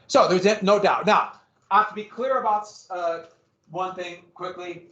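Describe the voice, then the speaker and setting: A man's voice: high voice, unhurried, fairly bright tone. Male teacher lecturing in a roomy classroom. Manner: conversational, asides and questions to students. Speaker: history teacher. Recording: roomy, distant, dull classroom recording.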